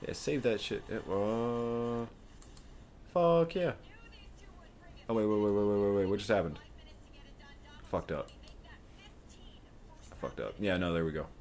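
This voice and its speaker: Deep-voiced, excitable, profane young man. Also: moderate pace, long pauses, slight background noise. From Florida, USA. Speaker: livestream host. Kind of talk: live fight watch-along commentary.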